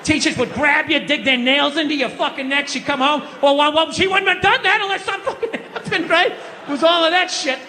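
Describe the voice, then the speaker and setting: A middle-aged man performing a loud stand-up comedy rant on stage, often shouting. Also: very high voice, fairly quick, slight background noise. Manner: loud ranting delivery with frequent shouting. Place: theater stage before a live audience. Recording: stage mic with long hall reverb.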